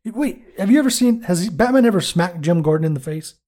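A man's voice: sits high, animated, quick pace, a little mellow. Rambling, foul-mouthed male podcast co-host. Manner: swears freely, jokey and rambling. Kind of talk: casual chat, reviewing a TV episode.

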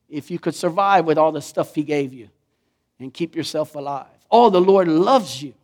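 A man preaching a sermon as pastor, in an animated, conversational way, acting out the voices he quotes. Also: sits high, moderate pace.

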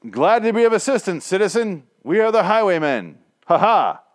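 A man's voice: high voice, big pitch swings, normal speed, voice pushed up. A man putting on a pompous cheery horseman. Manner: self-important, mock-heroic. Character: pompous cheery male road-guard horseman. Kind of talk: comic impression in a recap.

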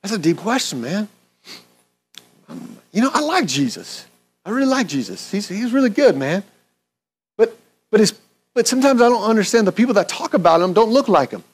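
A man voicing a friendly, easygoing Southern grocery worker with a relaxed drawl and a Southern US accent. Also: high-pitched, fairly quick, long pauses, breathy edge, pitched above the performer's own voice, exaggerated voice. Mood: thoughtful.

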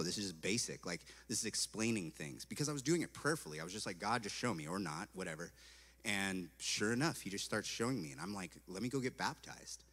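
A man from California telling his personal testimony as a story, animated and acting out his own past words, with "like" all through his talk. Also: lowish voice. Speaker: speaker giving a personal testimony. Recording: long hall reverb.

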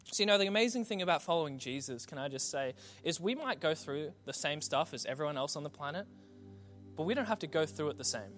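A man's voice: a little high, expressive, fast talker, fairly bright tone, faint music behind. A man preaching a sermon, conversational and building to rhetorical refrains. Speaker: pastor.

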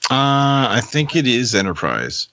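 A man co-hosting a podcast, chatting casually over a remote call, halting and often laughing. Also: medium pitch, very animated, bright, forceful tone, no room sound. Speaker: podcast co-host. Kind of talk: casual group chat on a call. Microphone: own mic on a remote call.

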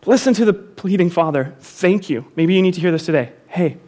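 Man, high voice, pastor, sermon, emphatic, repeats key phrases. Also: animated, brisk, a little mellow. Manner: emphatic preaching, repeats key phrases, asks the congregation to respond.

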